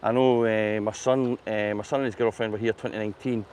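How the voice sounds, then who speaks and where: Scottish man, fairly low voice, easygoing chat, faint noise behind, outdoors. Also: little pitch movement, fairly quick, a little mellow. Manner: easygoing, with frequent "eh" fillers. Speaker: guest on a walk. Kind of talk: casual conversation while walking. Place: outdoors on a seafront promenade. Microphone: wireless lapel mic.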